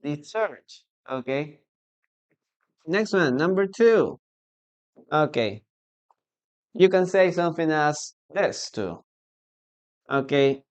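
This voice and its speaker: A man with a Peruvian Spanish accent teaches an online English lesson, speaking slowly and deliberately and repeating words for learners. His voice is fairly high, expressive, and smooth.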